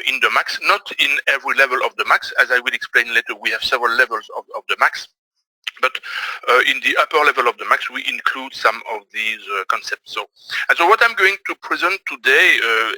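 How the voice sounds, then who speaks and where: Belgian presenter, 50s, French accent; halting, filler-heavy delivery, bright tone. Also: male voice, medium pitch, no echo, rough recording. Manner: halting, many filler uhs and self-corrections. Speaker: trading presenter. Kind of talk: webinar presentation.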